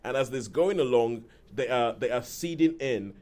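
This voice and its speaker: A man's voice: mid-range voice, lively intonation, moderate pace, darkish tone. Chatty man reviewing films. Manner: rambling, frequent restarts and laughs. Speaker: podcast co-host. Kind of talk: casual film review chat.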